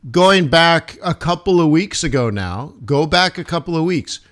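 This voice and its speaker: A man's voice: on the high side, animated, moderate pace, fairly bright tone. A man hosting a live forex trading stream, talking through charts in a casual, rambling way with joking asides.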